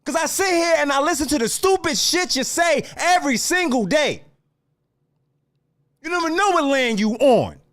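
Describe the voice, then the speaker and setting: High-pitched ranting podcast man. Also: expressive, moderate pace, fairly bright tone. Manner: heated, profane, lecturing the audience. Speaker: podcast host. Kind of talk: solo podcast rant.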